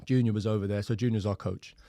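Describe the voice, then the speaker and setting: A man's voice: fairly low pitch, fairly even intonation, fast, warm tone, dry recording, clean studio sound. A young man with a London accent hosting a podcast in casual, blunt chat that is full of swearing. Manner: blunt, swears freely, loose and chatty. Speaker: podcast host.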